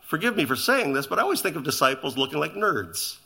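A man's voice: fairly high pitch, very animated, fast talker, creaky, bright, forceful tone. A middle-aged man preaching a sermon in a conversational style, with asides to his congregation. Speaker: pastor.

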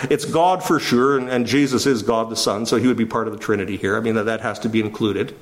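A male pastor preaching a sermon, reading scripture with slowed emphasis and asking the congregation questions. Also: a little high. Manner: lively, varied delivery with slowed emphasis on scripture.

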